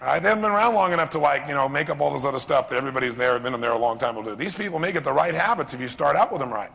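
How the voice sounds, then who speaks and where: A man giving an animated live seminar talk as a motivational speaker, often quizzing his audience with questions. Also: a little high, rapid-fire, gravelly, slightly rough. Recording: long reverb of a seminar hall.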